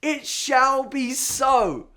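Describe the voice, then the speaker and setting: A man putting on the voice of a cheerful male drinks waiter at a pool, in a high, sing-song, stately manner. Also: unhurried.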